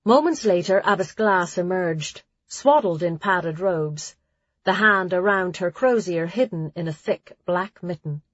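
A woman narrating an audiobook in a steady storytelling reading. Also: lowish voice, a little slow, slightly rough, no room sound. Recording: dry, slightly dull lo-fi sound.

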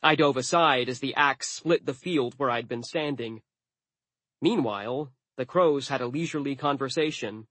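A man narrating an audiobook in a studio, with wry, deadpan asides. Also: medium pitch, moderate pace, no room sound.

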